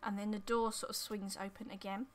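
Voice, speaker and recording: A woman's voice: mid-range voice, little pitch movement, brisk. A woman running a tabletop game as game master, narrating with many fillers and hesitations.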